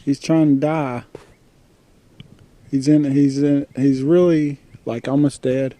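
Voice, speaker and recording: A man, rambling in halting bits as he talks to a hurt animal on the road. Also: medium pitch, fairly even intonation, warm tone, no room sound. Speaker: passerby filming a hurt raccoon. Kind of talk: casual filmed talk.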